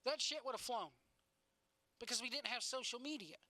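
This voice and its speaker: A woman's voice: fairly high pitch, brisk, pushed and bright, dry recording. A woman co-hosting a casual chat show, telling stories animatedly and swearing freely. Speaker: podcast co-host.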